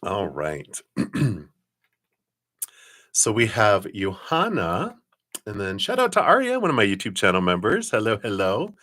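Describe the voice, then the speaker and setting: A middle-aged man hosting a live card-reading stream, chatting casually, often chuckling and clearing his throat. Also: fairly low pitch, huge pitch swings, measured pace, long pauses, a bit bright.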